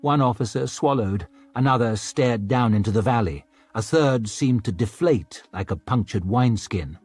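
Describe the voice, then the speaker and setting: A man narrating a dark fantasy audiobook in a dramatic reading style. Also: lively intonation, normal speed, husky, no room sound, soft background music. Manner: voices characters with raised pitch and volume.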